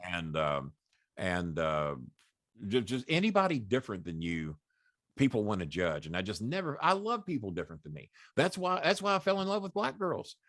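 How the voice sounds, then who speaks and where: A blunt middle-aged man from the American South spins long personal tales in loose, profane talk, laughing along the way. His voice sits on the low side. The sound is close and dry, with no room around it. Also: huge pitch swings, normal speed, a bit bright, dry recording. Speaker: guest. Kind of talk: casual storytelling. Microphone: podcast call.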